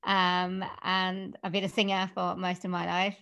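A woman from Wales with a Welsh accent, a voiceover artist chatting as a guest in an interview, upbeat and quick to laugh, with some hesitant fillers. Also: lowish voice, monotone, vocal fry, fairly bright tone, clean tone. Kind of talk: casual interview chat.

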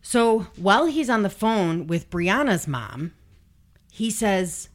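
A woman's voice: medium pitch, animated, takes it slowly. A woman hosting a podcast, telling a true crime story casually, blunt and swearing freely as she reads out quotes. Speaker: podcast host.

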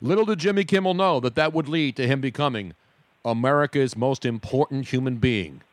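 A man's voice: mid-range voice, animated, a little fast, no room sound. A man hosting a talk show, telling stories in casual, opinionated banter. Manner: boisterous, opinionated storyteller. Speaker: radio show host.

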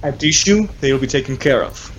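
A man from the Southern United States, speaking with a Southern accent, plays a paladin in a tabletop game, staying in character. His medium-pitched voice is expressive and a little fast, delivered earnestly with some repetition, over a slight hiss or hum.

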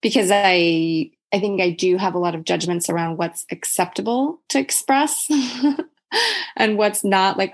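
A woman's voice: medium pitch, very animated, normal speed. A woman responding thoughtfully and openly as host in a casual conversation.

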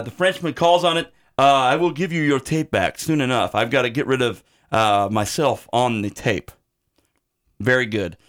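A man's voice: mid-range voice, fairly bright tone. Sarcastic rambling man on a podcast. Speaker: podcast co-host. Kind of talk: casual chat.

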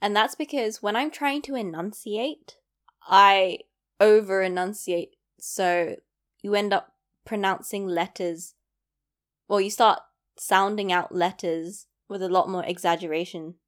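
A young British woman talks casually to her viewers in a chatty, reflective way. Her pitch sits in an ordinary middle range for a woman. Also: measured pace. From Britain. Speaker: vlogger. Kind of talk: casual chat to camera.

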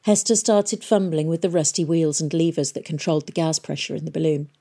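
A woman narrating an audiobook in a steady storytelling manner. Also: sits low, brisk.

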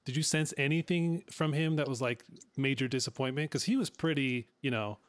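A man's voice: medium pitch, a little fast, no room sound. A man guest-hosting a podcast, asking long, rambling questions in a casual chat.

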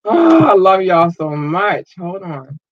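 A man hosting a podcast, playfully giving casual shout-outs to his listeners and jumping into high squeals. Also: very animated, takes it slowly, dry recording, dull audio. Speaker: podcast host.

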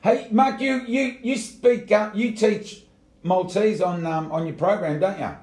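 Man, high voice, laid-back banter, roomy recording; casual podcast host. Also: measured pace, a little mellow. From Australia. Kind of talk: casual comic chat.

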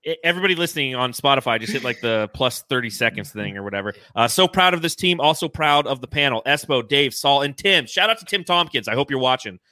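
Excited man with a bright, dry voice. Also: mid-range voice, fast talker, hardly any pauses, no room sound. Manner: excited, swears freely, reads donations aloud. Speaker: podcast host. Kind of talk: casual fan podcast chat.

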